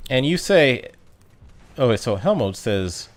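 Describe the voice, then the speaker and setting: A man's voice: medium pitch, very animated, slow. A man chatting casually on a livestream, reading viewer comments aloud and joking in a rambling, self-amused way. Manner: joking, rambling, laughs at his own jokes.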